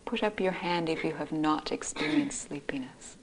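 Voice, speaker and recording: A middle-aged woman giving a gentle dharma talk as a meditation teacher, often speaking softly and breathily. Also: sits low, moderate pace, background noise. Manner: gentle, soft-spoken, often breathy and near-whispered. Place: meditation hall.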